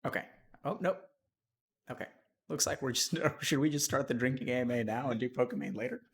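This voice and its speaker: A man, a psychiatrist and stream host, telling a story in a casual, animated way, laughing as he swings between loud and quiet. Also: medium pitch, a little fast, vocal fry.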